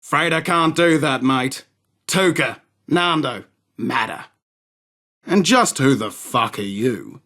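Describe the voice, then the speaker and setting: A man's voice: medium pitch, expressive, takes it slowly, sharp tone, exaggerated voice. A man voicing a crude, swaggering arms dealer from in a game, sardonic and rude. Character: cocky, crude male London arms dealer. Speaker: game character. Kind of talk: game voice acting.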